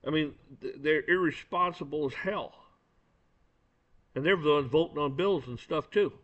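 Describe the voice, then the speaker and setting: A man's voice: on the high side, normal speed, a bit bright. Blunt, profane man ranting. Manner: blunt, profane, angry, repeats words. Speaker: commentator. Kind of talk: opinion rant. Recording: dull lo-fi recording.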